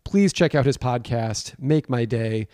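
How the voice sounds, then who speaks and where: A man's voice: mid-range voice, a little slow, dark tone, dry recording. A man hosting a cooking podcast, talking in a rambling, enthusiastic way that often breaks off and restarts. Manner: rambling, enthusiastic, self-interrupting. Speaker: podcast host. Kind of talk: casual podcast chat.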